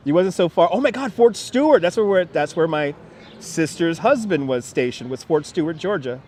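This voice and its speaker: A man talks live from a park in a voice that sits a little high for a man, loose and rambling, with frequent restarts. He picks up viewer comments as he walks along. A faint outdoor hum runs under his clip-on mic. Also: a little mellow. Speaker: livestream host. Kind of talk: casual livestream chat, reading viewer comments aloud. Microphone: wireless clip-on mic. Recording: faint outdoor background noise. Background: faint city park ambience with birds.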